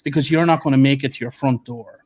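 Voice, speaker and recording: An Irish man chatting as a guest on an online panel, blunt and sarcastic in his remarks. His voice sits at a middle pitch for a man and comes through a video call. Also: fairly even intonation, fast talker, crowd noise. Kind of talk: casual panel chat.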